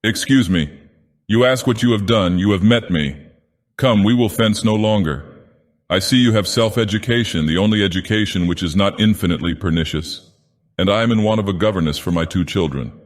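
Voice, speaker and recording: A man voicing a middle-aged gentleman who talks in a soothing, persuasive, genial manner. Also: on the low side, fairly quick, lightly acted. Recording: long reverb.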